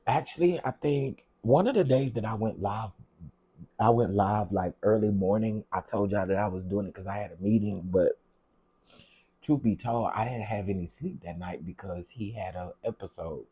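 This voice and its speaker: Dark husky male livestreamer, chatty. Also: lowish voice, normal speed. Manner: chatty, greets viewers by name, repeats himself; heartfelt, on the edge of tears at times. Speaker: livestream host reading viewer comments. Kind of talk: casual livestream chat.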